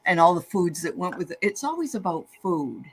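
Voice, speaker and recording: A woman's voice: lowish voice, big pitch swings, a little fast, breathy edge. A woman on a live tarot stream, chatting casually and rambling a little with enthusiasm. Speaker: tarot reader and guest host. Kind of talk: casual chat.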